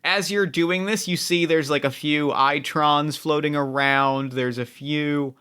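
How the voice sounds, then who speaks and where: Bright-voiced man running a tabletop game. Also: on the high side, steady tone, measured pace, clear, resonant tone. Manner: rambling, many likes and restarts. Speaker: game master.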